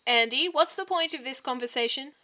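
A woman voicing an excitable young man who teases and wheedles his friends. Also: high-pitched, a little fast, voice pushed up. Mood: playful. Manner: eager, teasing, wheedling.

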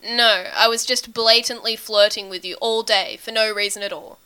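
A low-voiced young man drawls and murmurs, teasing and fond, as a woman reads him in an audiobook. The voice is bright and clear, and the murmur stays quiet. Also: steady tone, normal speed.

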